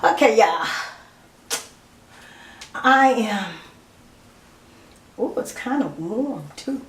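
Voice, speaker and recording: This fifties-aged vlogger talks to her audience in a relaxed way, addressing them as y'all and laughing a lot. She speaks at a fairly high pitch with expressive, drawn-out words. The recording is reverberant, with a little hiss or hum.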